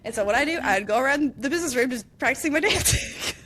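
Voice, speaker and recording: A woman in her thirties hosting a podcast, chatting casually and telling animated stories with acted-out quotes and frequent laughter. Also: high voice, a little fast. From upstate New York. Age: 30s. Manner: animated storyteller, acts out quotes, laughs often. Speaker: podcast host. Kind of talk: casual chat.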